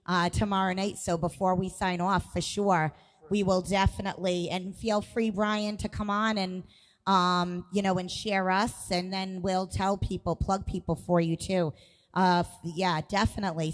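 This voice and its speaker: A woman's voice: medium pitch, steady tone, moderate pace, long reverb tail. A woman hosting a live music stream, chatting casually and rambling with frequent restarts.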